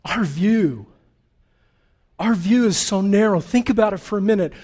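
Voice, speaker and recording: High voiced guy preaching, intense, goes loud then real quiet. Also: animated, moderate pace. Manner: impassioned, swinging from loud urgent peaks to hushed low passages. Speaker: pastor. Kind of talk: sermon.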